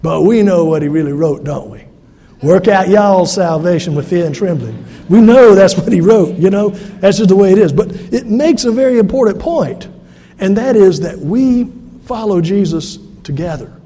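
A man's voice: high-pitched, lively intonation, normal speed, dark tone, long reverb tail. A pastor from South Carolina, preaching an earnest, conversational sermon to his congregation in a church. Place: church sanctuary.

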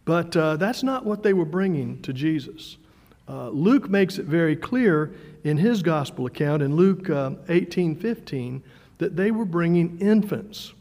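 A man with a high voice preaches a sermon in a relaxed, conversational way, often stumbling over his words and repeating them. He slows down to make a point. His voice rings with a long reverb, as in a church hall. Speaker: pastor.

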